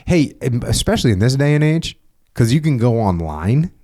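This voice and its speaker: A man hosting a podcast, talking bluntly in a casual chat, with drawn-out dismissive grunts. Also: mid-range voice, sing-song, dark tone. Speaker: podcast host.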